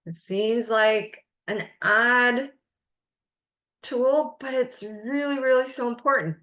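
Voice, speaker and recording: A woman's voice: a little high, slow, fairly bright tone. A woman life coach teaching a recorded masterclass, speaking in an encouraging, emphatic way and stressing key words.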